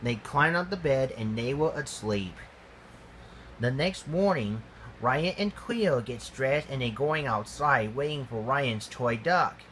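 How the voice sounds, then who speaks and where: A man reading a homemade storybook aloud, slow and halting, with grammar slips. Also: medium pitch, animated, fairly bright tone, slight background noise.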